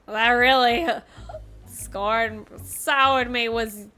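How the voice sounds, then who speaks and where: A woman voicing a gruff, hard-drinking male blacksmith in a fan voice-over of a game cutscene, with a coarse put-on pirate-style brogue. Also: a little high, steady tone, very slow, pushed and bright, faint music behind, exaggerated voice. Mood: grumbling.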